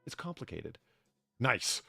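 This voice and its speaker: Speaking slowly with a sharp tone, this American man hosts a live stream as a streamer and bartender. His casual chat rambles, swears freely, and keeps restarting.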